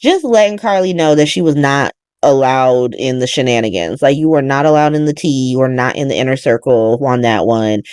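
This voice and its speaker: Low-voiced woman in a lively, profane recap. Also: normal speed, few pauses, clear, resonant tone, no echo, studio quality. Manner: animated, profane retelling with laughs. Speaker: podcast host recapping a soap opera. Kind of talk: casual chat.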